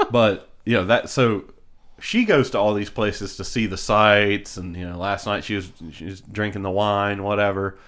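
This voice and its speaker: A man's voice: on the low side, normal speed, a bit bright. A man co-hosting a podcast, telling stories in casual chat, rambling with restarts and frequent laughter. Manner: rambling storyteller, laughs often, many restarts. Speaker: podcast co-host.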